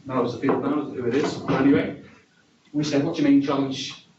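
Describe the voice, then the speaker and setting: A man's voice: medium pitch, fairly even intonation, fairly quick, noisy background. A man giving a conference presentation in a wry, conversational, self-deprecating way. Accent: regional accent. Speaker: conference speaker. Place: conference hall. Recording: distant, dull, echoey hall recording.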